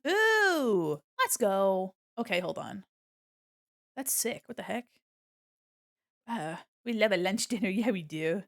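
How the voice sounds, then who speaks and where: A young woman chats away with her viewers while she draws on a live stream, bouncing from topic to topic with playful asides. Her voice leaps around a lot in pitch. The sound is dry and close from a desk mic at home. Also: sing-song, a little slow, pauses often, fairly bright tone, no echo. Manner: chatty, playful, drifts into hums and silly sounds. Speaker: art streamer. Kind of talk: casual live-stream chat while drawing. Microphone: desk mic on a mic arm.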